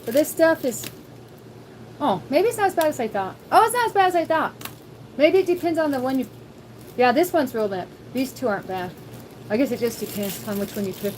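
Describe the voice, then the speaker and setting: Woman, high voice, casual cooking stream host, chatty, thinks out loud, faint room noise. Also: expressive, a little fast, rough recording. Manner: chatty, thinks aloud, talks to viewers. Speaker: livestream host. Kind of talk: casual cooking livestream chat. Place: home kitchen.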